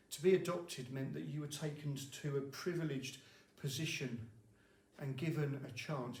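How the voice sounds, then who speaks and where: Conversational minister in an echoey room. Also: male voice, on the high side, gravelly, darkish tone. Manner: conversational and wry, with frequent fillers. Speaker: lead minister. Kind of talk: short midweek devotional talk.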